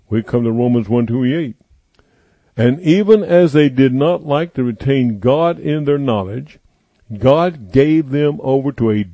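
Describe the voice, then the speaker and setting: A male preacher delivering a sermon, repeating his points slowly and with emphasis. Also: fairly high pitch, warm tone, no echo. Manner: slow emphatic repetition, declaring.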